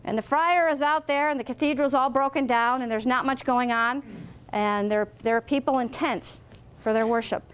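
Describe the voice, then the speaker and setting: A woman guest speaker telling a parable to a morning crowd, with an animated storytelling manner. Her voice sits somewhat high for a woman. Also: normal speed, clear, resonant tone. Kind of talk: storytelling speech.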